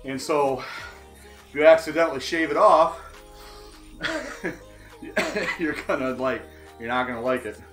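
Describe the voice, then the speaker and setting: Speaking slowly and pausing often, this man in his 40s has a slightly high voice with a fairly bright tone. He hosts a livestream from his indoor cycling setup, musing aloud with wry candor and poking fun at himself, faint music behind him.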